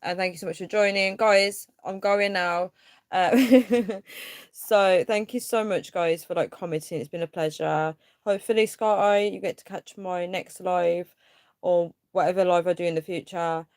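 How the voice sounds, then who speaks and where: Casting: young woman, lowish voice, dry close sound, rambling livestream chat full of fillers. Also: fairly even intonation, unhurried, clear, resonant tone, no echo. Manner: rambling, filler-heavy, frustrated venting. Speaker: livestream host. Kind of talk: casual livestream chat reading comments.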